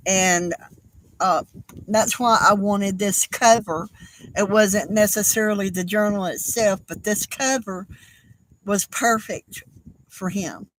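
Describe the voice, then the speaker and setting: An older woman, hosting a casual craft livestream, speaking in a halting, tearful, apologetic way with many fillers. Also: medium pitch, a little hiss or hum, low-quality recording.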